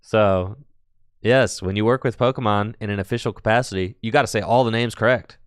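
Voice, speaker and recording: Chatty low-voiced man commentating. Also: a little fast, clear, resonant tone, no echo, studio quality. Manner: chatty and playful, laughs often, answers chat. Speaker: tournament stream commentator. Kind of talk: casual live-stream commentary.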